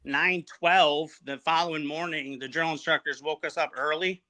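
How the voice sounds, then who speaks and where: A man in his forties from upstate New York, a Marine veteran recalling his service in a halting, plainspoken way, full of fillers and restarts. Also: fairly high pitch, steady tone, pushed and bright. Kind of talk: casual interview storytelling.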